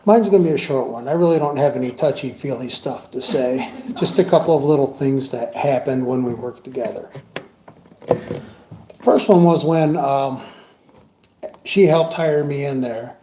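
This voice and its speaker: A coworker delivers a storytelling eulogy, sharing laughing, humorous anecdotes at the funeral. He has a mid-range, dark-toned voice at normal speed, and the recording carries the echo and noticeable background noise of a large hall.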